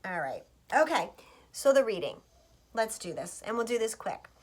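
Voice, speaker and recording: A woman with a slightly high voice gives a loose, rambling tarot reading to her viewers. She talks in a chatty, scattered way and swears freely. Her manner is casual and direct. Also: lively intonation, moderate pace. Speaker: astrologer and tarot reader.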